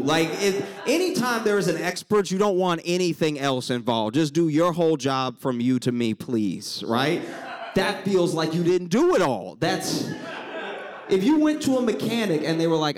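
Guy from louisiana doing comic stories on stage, lively and wry, plain middle voice, talks right to the crowd. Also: mid-range voice, moderate pace. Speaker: storyteller. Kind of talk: live comic storytelling. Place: stage before a live audience.

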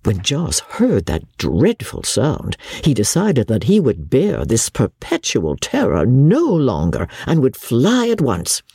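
A woman narrating a classic novel in a slow, expressive, measured audiobook reading. Her voice is husky, and her pitch moves a lot. The sound is dry and close to the mic. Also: no echo. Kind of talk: scripted narration.

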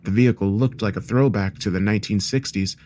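A man with a low voice narrates a scary story in a calm, measured first-person telling. A faint hiss sits underneath the recording. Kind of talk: scripted horror story narration.

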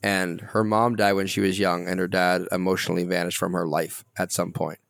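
A man's voice: sits low, flat delivery, a little fast, gravelly, fairly bright tone, no echo, studio quality. A man hosting a casual movie podcast, asking wry questions and moving the talk along. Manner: wry, asks questions and moves the show along. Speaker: podcast host.

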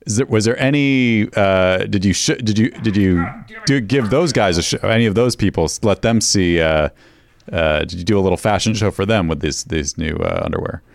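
A man's voice: low voice, moderate pace, vocal fry. A man co-hosting a casual podcast, asking teasing questions with dry humor. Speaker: podcast co-host. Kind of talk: casual comedic chat.

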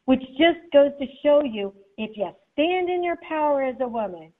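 A woman's voice: high voice, normal speed. A woman, a guest author, telling a personal story in an interview and acting out the people in it. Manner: animated, acts out the people in her story. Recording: tinny phone-like line.

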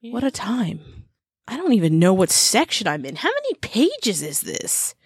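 A woman's voice: medium pitch, measured pace, husky, no echo, clean studio sound. A woman co-hosting a casual podcast who reads old book passages aloud and adds wry, laughing asides. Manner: animated, laughing, wry asides while reading. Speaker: podcast co-host.

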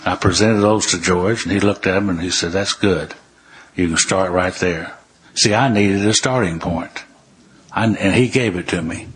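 A man's voice: low-pitched, moderate pace, a bit bright, slight background noise. An older man, telling stories from his recovery in a folksy way, with dry humor, and reading passages from the book aloud. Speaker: recovery speaker.

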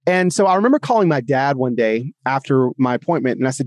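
Talking fast with hardly any pauses, a medium-pitched man appears as a guest author on a podcast, casually telling stories with animation and acting out those he quotes. The recording is clean studio sound with no echo.

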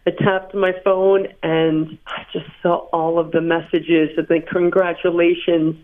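A woman in her thirties, interviewed by phone, telling stories in an animated way and laughing often. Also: fairly low pitch, measured pace, slight background noise. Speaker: interview guest. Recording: tinny phone line.

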